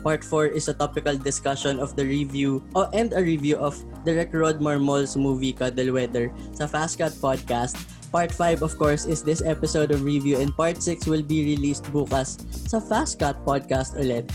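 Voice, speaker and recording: A man's voice: on the high side, moderate pace, music in the background. A man hosting a podcast, chatting in an upbeat, casual way and mixing Tagalog and English. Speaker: podcast host.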